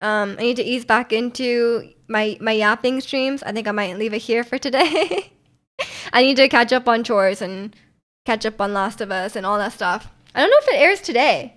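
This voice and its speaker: A woman's voice: fairly high pitch, lively intonation, normal speed, a bit bright. A young woman livestreamer in casual chat, rambling and laughing often as she answers her chat.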